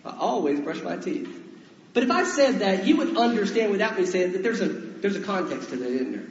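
A man's voice: high voice, very animated, brisk. Man, pastor, conversational sermon, asks questions, roomy sound, muffled lo-fi recording. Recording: echoey hall, dull sound.

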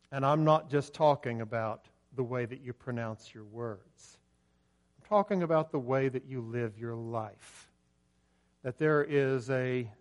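An older man with an Ohio River valley accent, preaching a sermon in a folksy, storytelling way, with many hesitations and fillers. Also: medium pitch. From southern Ohio, USA.

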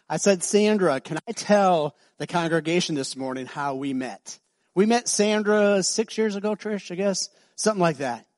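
High-voiced pastor, animated storytelling sermon. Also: male voice, no echo, clean studio sound. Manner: conversational, animated, acts out dialogue; drops to soft, slow voice for emotional moments.

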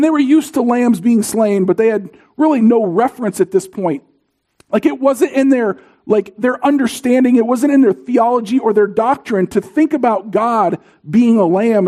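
A man in his thirties preaching a sermon as pastor, in a conversational, animated storytelling way. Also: very high voice.

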